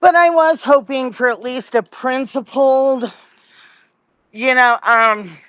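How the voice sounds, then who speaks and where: A woman's voice: high-pitched, slow pace, a bit bright, no echo. A middle-aged woman from Louisiana hosting a live political commentary stream, chatty and sarcastic, with many fillers and restarts.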